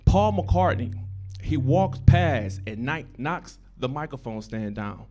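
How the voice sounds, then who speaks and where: A man doing a stand-up comedy set on a club stage into a handheld mic, profane and repetitive, swinging from loud bursts down to low mumbling. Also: lively intonation, slow pace, faint music behind.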